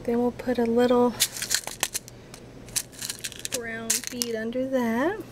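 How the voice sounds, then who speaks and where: A woman's voice: on the high side, level tone, takes it slowly, background noise. A woman giving a casual crafting tutorial, chatty and a little apologetic, talking to herself as she works at her craft table.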